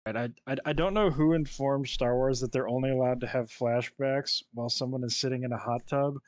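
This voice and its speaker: A man's voice: medium pitch, steady tone, brisk, dry recording. Male co-host, sarcastic critic, dry close-miked sound. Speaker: podcast co-host. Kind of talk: casual chat recapping a TV episode.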